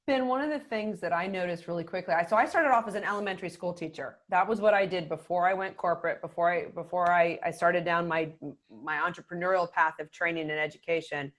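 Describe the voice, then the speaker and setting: A middle-aged woman speaking as a podcast guest, a communication coach who talks in a calm, measured way and often drops to a quiet voice. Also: on the low side. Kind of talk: conversational podcast interview.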